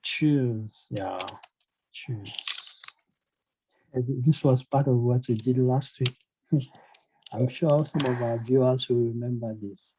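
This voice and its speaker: Slow, hesitant male language teacher. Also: mid-range voice, noisy background. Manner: hesitant, many fillers and "you know"; asks learners questions, encouraging. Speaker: German teacher. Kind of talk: online language lesson.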